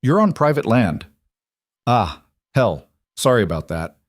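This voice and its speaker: A man's voice: mid-range voice, sing-song, unhurried, no echo. A man playing a cocky young prospector from Boston who taunts with a grinning, mocking tone. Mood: taunting.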